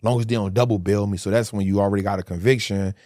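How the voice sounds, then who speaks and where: A man's voice: fairly low pitch, steady tone, fast, darkish tone, no echo, clean studio sound. A man in his forties, a guest telling hard stories in a candid interview, emphatic and full of street slang.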